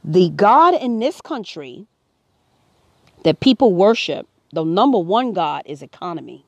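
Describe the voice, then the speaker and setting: A woman's voice: on the low side, very animated, unhurried, dry recording. A woman speaking to camera, earnest and preachy, her voice rising to emphatic peaks. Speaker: vlogger. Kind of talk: impassioned personal commentary.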